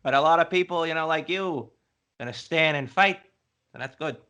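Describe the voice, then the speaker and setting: A man's voice: on the high side, normal speed, sharp tone, clean tone. A man playing a brash, salesy hiring manager in a comedy sketch who repeats himself, talking over a video call.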